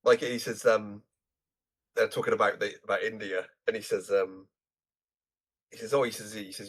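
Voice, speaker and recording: Husky man recounting film dialogue. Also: fairly low pitch, level tone, a bit bright. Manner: halting, repeats words while recalling lines. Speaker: podcast co-host. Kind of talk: casual film review chat.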